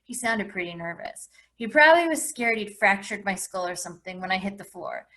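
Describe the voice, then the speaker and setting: A woman teacher reads a novel aloud for her class, lending the first-person narrator an expressive, lively delivery. She sounds like she is recording a lesson. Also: mid-range voice, a little fast. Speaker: English teacher.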